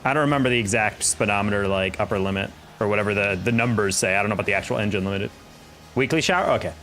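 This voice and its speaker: A young man with a fairly low voice talks through a live game stream. He rambles casually and reacts to chat as he plays, with faint music underneath. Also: racing, a bit bright.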